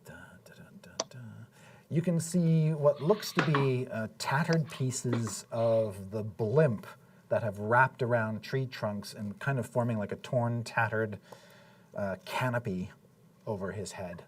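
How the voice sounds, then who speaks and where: A man's voice: mid-range voice, takes it slowly, distant mic, slight background noise. A man running a tabletop game as dungeon master, describing scenes with frequent fillers.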